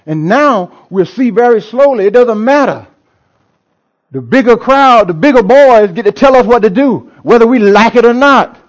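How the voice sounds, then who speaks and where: A man's voice: very high-pitched, lively intonation, normal speed. A male pastor preaching a sermon to a congregation in a church. He preaches with emphasis, repeats phrases, and chuckles often.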